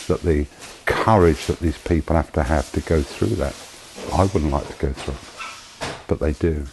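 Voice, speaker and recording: A man sharing a personal testimony in a slow, emotional storytelling manner. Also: rumbling low, darkish tone, a little hiss or hum, low-quality recording. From United Kingdom. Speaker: charity founder giving testimony.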